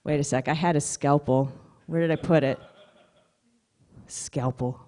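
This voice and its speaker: A woman doing a dazed, stoned male surgeon who drifts through his words slowly and dreamily. He talks a bit lower and softer than her own voice, as if lost in his own head. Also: fairly even intonation. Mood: spaced out. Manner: spacey, slow and drifting.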